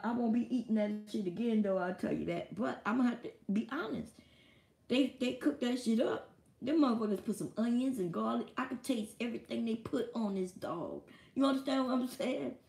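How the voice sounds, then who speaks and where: A woman from the United States, a live streamer telling a profane, animated story and laughing often, alone in a small room at home. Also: a little high, moderate pace, gravelly, reverberant. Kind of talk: casual storytelling monologue.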